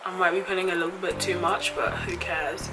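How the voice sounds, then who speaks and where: A woman beauty vlogger chatting casually through a makeup tutorial, gushing and excitable with frequent exclamations. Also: lowish voice, brisk, over music, low-quality recording.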